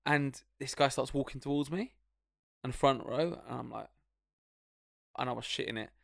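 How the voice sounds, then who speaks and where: A man's voice: medium pitch, normal speed, gravelly, dry recording, clean studio sound. A young man, co-hosting a podcast and telling stories in casual, sweary chat, acting out the other people. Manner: swearing storyteller, acts out voices. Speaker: podcast co-host.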